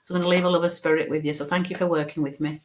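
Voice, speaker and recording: Very fast and level in tone, this low-voiced woman is a spirit medium doing a live reading for viewers, with a little hiss or hum in the background. She talks through what she senses in a chatty, reassuring way, saying "okay" and "bless you" again and again.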